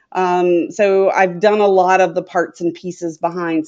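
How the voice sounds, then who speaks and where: A middle-aged Tennessee woman with a deep, slightly mellow voice chats as an interview guest, a sales consultant who rambles and fills her talk with lots of filler sounds. The recording has a dull, lo-fi quality.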